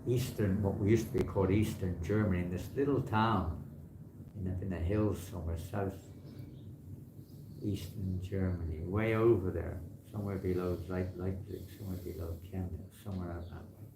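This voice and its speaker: A man's voice: low-pitched, steady tone, moderate pace, creaky, background noise. A man giving a chatty, anecdote-filled talk at a temple, telling stories in an easygoing way. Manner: anecdotal, chatty, acts out quoted people. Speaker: temple speaker. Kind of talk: informal spiritual talk. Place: temple hall. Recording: echoey temple hall.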